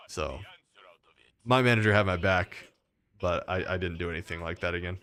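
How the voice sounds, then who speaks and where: A man's voice: deep voice, normal speed, pauses often, fairly bright tone. A man from Texas, a gaming streamer, rambling through a story in casual chat with lots of fillers and restarts.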